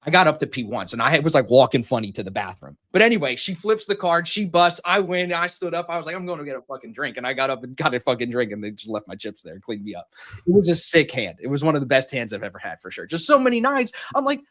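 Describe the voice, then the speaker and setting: Male podcast host, mid-range voice, foul-mouthed, animated anecdote teller. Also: medium pitch, quick pace. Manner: animated, profane storytelling, acts out quotes loudly. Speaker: podcast host telling a story. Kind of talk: casual chat.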